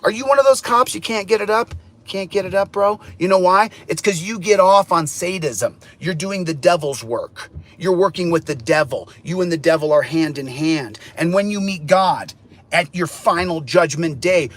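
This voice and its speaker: Furious ranting man with a high voice. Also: moderate pace, fairly bright tone. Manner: furious, repetitive, preachy, swearing. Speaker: guest who checks in. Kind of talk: angry rant.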